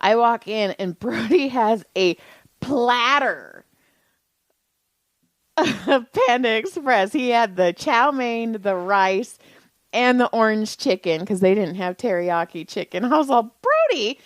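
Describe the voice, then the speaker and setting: Laughing, animated woman co-host with a dry sound. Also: on the high side, slow pace, no room sound, poor audio. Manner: animated storyteller, laughs often, acts out quotes. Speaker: podcast co-host. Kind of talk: casual chat.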